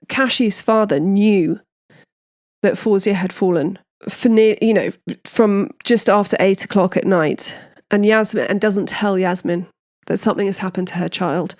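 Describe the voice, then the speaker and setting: A woman's voice: mid-range voice, a little mellow. A woman hosting a true crime podcast, recapping a case in a casual, indignant, opinionated way.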